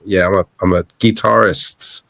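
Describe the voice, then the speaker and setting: A man with a fairly low voice talks casually on a podcast, telling stories in a loose, rambling way full of restarts. The sound is dry and close, with no room echo. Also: steady tone, moderate pace, creaky, fairly bright tone. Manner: rambling, storytelling with many restarts. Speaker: guest filmmaker and guitarist.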